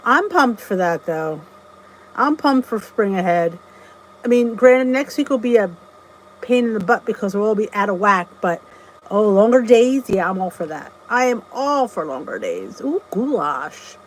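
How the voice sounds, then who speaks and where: A woman's voice: mid-range voice, big pitch swings, normal speed, a little hiss or hum, rough recording. A middle-aged woman hosting a casual live stream, chatting and greeting viewers by name, often laughing at herself. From New Jersey. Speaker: channel host.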